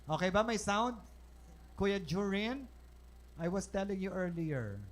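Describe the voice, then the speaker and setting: This is a speaker with a Filipino accent giving a seminar lecture to high school students in a school hall. The delivery is animated, with quick questions to the class that the speaker then answers. The voice sits at a middle pitch. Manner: animated, asks the class questions and answers them, mixes English and Tagalog.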